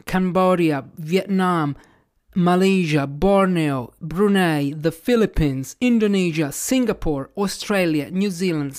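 A man hosting a casual podcast interview at home, reading out a long list and admitting when he is unsure of pronunciations. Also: a little high. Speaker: podcast host.

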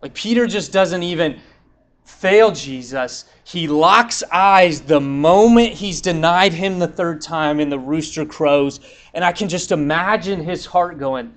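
A young preacher with a voice slightly higher than most men's retells the scripture story at a measured pace. His manner is relaxed and chatty, and he acts out the quotes along the way.

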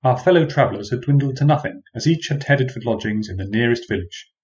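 A man at a middling pitch reads a first-person tale in measured, wry and formal old-fashioned phrasing. The recording sounds dull and lo-fi. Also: expressive, darkish tone. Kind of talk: first-person storybook narration.

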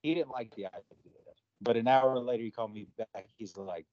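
A man's voice: medium pitch, brisk, a little mellow, lo-fi sound. A man being interviewed about his music, talking loosely and rambling, with many fillers and retold conversations. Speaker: guest musician. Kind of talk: casual interview talk.

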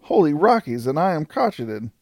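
A rough frontier outlaw, put on by a man reading an audiobook, pitched well above the reader's own voice with a gravelly edge. He talks in coarse, excitable dialect. The recording is close and dry. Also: moderate pace, dry recording. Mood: alarmed. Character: coarse cornered male outlaw, rough and desperate.

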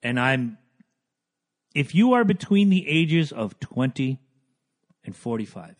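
A man co-hosting a casual podcast, ranting loudly and swinging between calm and heated, his voice hoarse from yelling. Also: mid-range voice, slow pace. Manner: loud, rants with animated swings. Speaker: podcast co-host.

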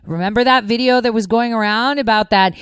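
A woman's voice: fairly high pitch, brisk, fairly bright tone, smooth, dry recording, clean studio sound. A middle-aged woman hosting a political podcast, giving sarcastic, rambling commentary in a conversational way. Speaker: podcast host.

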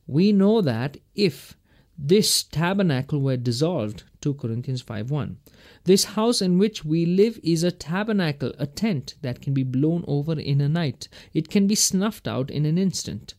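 A man's voice: fairly high pitch, lively intonation, measured pace, a little mellow. A man teaching verse by verse through a Bible passage in a folksy, emphatic way, chuckling between his points.

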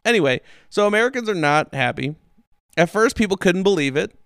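Male podcast host, casual storyteller; smooth, resonant voice with a lively, swinging pitch; dry, close sound. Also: a little fast, dry recording. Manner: animated, swears, acts out quotes in silly voices.

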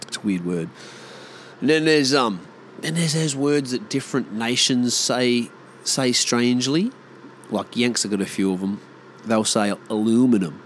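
A man's voice: lowish voice, slight background noise. A man with an Australian accent, rambling in a casual monologue and ranting bluntly with plenty of swearing.

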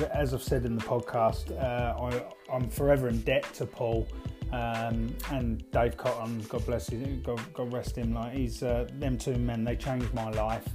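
A man hosting a podcast, wrapping up the episode in an earnest, relaxed way with fillers. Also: medium pitch, unhurried. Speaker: podcast host. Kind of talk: podcast outro. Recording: music playing under the voice.

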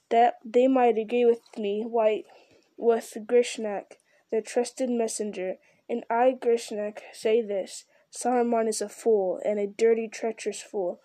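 A woman voicing a treacherous male orc who sneers in a soft, oily, menacing way in a storybook reading. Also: fairly high pitch, no room sound, lightly acted. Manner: sneering, oily, softer than the others.

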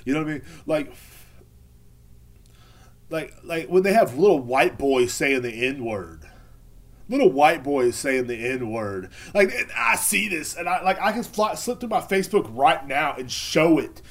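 A man's voice: fairly high pitch, sing-song, unhurried. A man hosting his own podcast, ranting casually in a rambling, profane way full of fillers. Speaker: podcast host. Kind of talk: casual rant.

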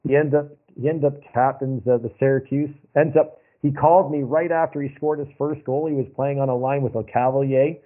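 A man's voice: medium pitch, steady tone, a little fast, hardly any pauses. Male guest, casual anecdotal storyteller, thin phone-line sound. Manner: rambling, anecdotal, repeats himself. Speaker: podcast guest.

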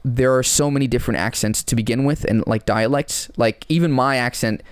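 Rambling young man, smooth dry voice. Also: mid-range voice, brisk, dry recording. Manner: rambling, many fillers and restarts. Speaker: podcast co-host and musician. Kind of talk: casual podcast chat.

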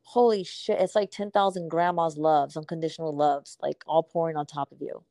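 A woman's voice: low voice, fairly even intonation, normal speed, warm tone, dry recording. A woman speaking as a purpose coach in a casual podcast conversation, effusive and emphatic, swearing casually.

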